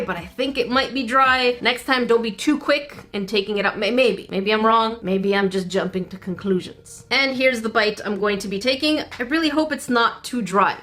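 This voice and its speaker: A woman's voice: fairly high pitch, fairly bright tone. A woman from Egypt testing recipes on her cooking vlog, chatting playfully and explaining each step. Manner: playful, giggly, explains steps. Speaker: cooking vlogger. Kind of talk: casual recipe-testing chat.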